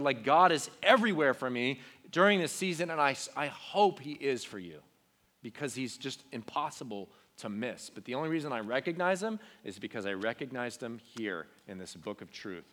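A young man preaching a sermon to teenagers from a stage, earnest and conversational, dropping to quiet emotional tones. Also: medium pitch. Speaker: youth pastor.

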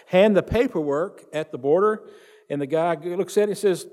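A man's voice: sits high, brisk, warm tone, in a large hall. A man, a pastor telling a story in a sermon and acting out the people in it. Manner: retells stories with quoted voices, repeats phrases.

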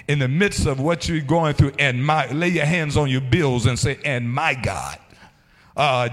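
Middle-aged male pastor, slow emphatic sermon delivery, higher-pitched voice, long reverb. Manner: emphatic, rising to shouts on key points.

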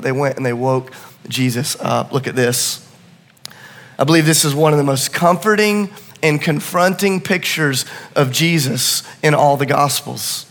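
A middle-aged male pastor with a high voice preaches in a large church auditorium. He swings between quiet, close asides and rising, urgent passages. His words ring out with a long, hall-like reverb. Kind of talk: sermon.

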